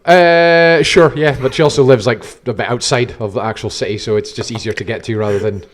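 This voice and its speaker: A man's voice: mid-range voice, a little fast. A man, a podcast co-host joking around in casual chat, often stumbling over his words. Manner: joking, hesitant with restarts.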